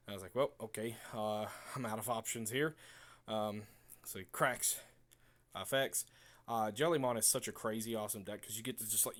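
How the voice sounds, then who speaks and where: A young man casually recapping a card game match, chatty and relaxed, acting out both players' remarks. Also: lowish voice. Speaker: card game video creator.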